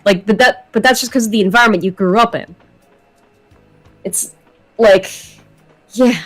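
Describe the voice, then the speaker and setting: A woman's voice: medium pitch, moderate pace, soft background music. A young adult woman talking casually and at length, giving her opinions in a rambling way. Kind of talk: casual chat.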